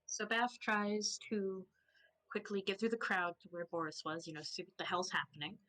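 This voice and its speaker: A woman's voice: medium pitch, flat delivery, moderate pace, sharp tone, low-quality recording. A woman narrating as game master of a tabletop game, casual and rambling, often laughing. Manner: casual, giggly, loose and rambling.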